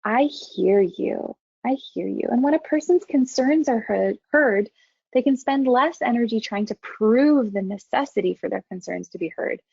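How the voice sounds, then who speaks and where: A woman counseling instructor delivers an online training lecture in a calm, measured, gentle way. Her voice is mellow and a little raspy, with frequent vocal fry. The audio is dry and dull, with the lo-fi sound of a webinar recording. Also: on the high side, no echo. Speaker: university counseling faculty presenting a webinar.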